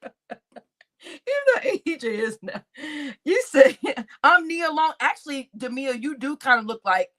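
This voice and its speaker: An adult woman's high-pitched voice comes a little slow, with long pauses, as she hosts a casual livestream. Animated, she laughs often, swears while reading comments, and addresses her audience as "y'all."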